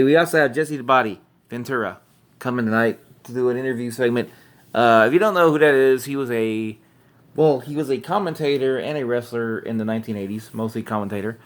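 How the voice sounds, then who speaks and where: Casting note: male wrestling reviewer, loose and rambling, self-correcting, mid-range voice. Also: mid-range voice. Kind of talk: casual recap commentary.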